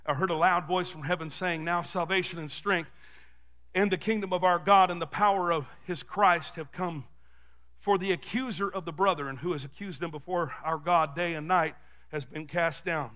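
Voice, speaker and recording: High, bright-voiced preaching pastor. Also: male voice, steady tone, normal speed. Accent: Texan. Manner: preaching with call-and-response, rising to shouts. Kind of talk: sermon. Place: church sanctuary.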